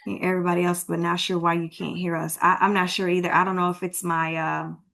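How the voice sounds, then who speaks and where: A woman's voice: on the low side, flat delivery, brisk, vocal fry, a bit bright. A woman with a Texan accent, a real estate broker teaching a live online homebuyer class in a chatty, informal way over a computer mic. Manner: chatty and informal, thinks aloud while fixing tech. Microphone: computer mic on a video call.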